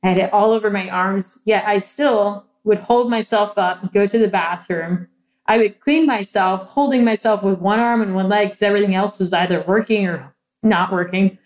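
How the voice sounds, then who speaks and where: A young woman speaks as an interview guest, telling a personal story in a candid, animated way. Her voice sits in a middle pitch, and she breaks into laughs as she talks. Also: moderate pace.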